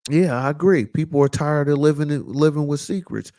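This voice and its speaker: Preachy man with a fairly high voice. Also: a little fast, dark tone. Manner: preachy, repeats lines for emphasis; loose casual speech with many fillers. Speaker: vlog host. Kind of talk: casual commentary monologue.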